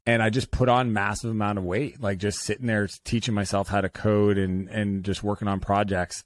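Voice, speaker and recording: Guy in his 30s telling stories on a podcast, gets loud and animated, dry close mic. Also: no room sound. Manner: animated, acts out quoted voices with big pitch jumps. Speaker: guest author and entrepreneur. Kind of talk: podcast interview storytelling.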